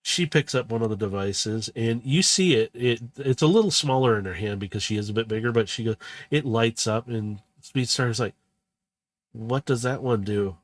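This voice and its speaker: A man's voice: mid-range voice, moderate pace, dry recording. A man narrates a tabletop role-play game as game master in a mid-range voice. His delivery is casual and rambling, and he often stops to correct himself.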